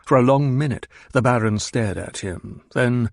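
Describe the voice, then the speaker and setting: A man narrating an audiobook in a low, measured storytelling manner. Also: vocal fry, dry recording, clean studio sound.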